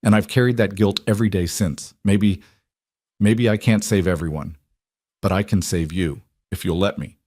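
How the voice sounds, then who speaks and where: A gentle, grieving widowed cowboy, as a man reads him in a frontier storybook. He talks softly and earnestly, in a low voice. The sound is close and dry. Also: fairly even intonation, moderate pace, no echo. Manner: soft-spoken, quietly earnest.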